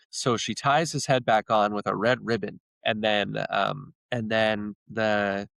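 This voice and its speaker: A man's voice: lowish voice, fairly even intonation, a little slow, creaky, hardly any pauses, fairly bright tone, clean tone, no echo. A man, a podcast guest, retelling stories in a rambling, casual way with many restarts. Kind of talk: casual storytelling chat.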